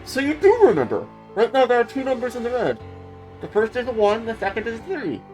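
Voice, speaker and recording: A woman's voice: fairly high pitch, big pitch swings, brisk, a little mellow, faint music behind, pitched above the performer's own voice, poor audio. A woman voicing a pompous, condescending man who holds a girl captive, mocking and scolding her as she reads a visual novel aloud. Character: pompous condescending male captor, adult. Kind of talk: dramatic reading of a visual novel.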